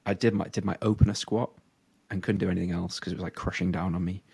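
Young guy chatting on a podcast, really low voice, a bit husky, says like a lot. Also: fairly even intonation, fast, dark tone. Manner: chatty storytelling, frequent "like" fillers and laughs. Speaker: podcast co-host, powerlifter. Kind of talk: casual chat.

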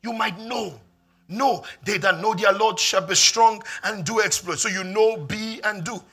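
A man with a Nigerian accent preaching a sermon as pastor, emphatic and repetitive, building up to shouts. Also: sits high, measured pace, slightly rough.

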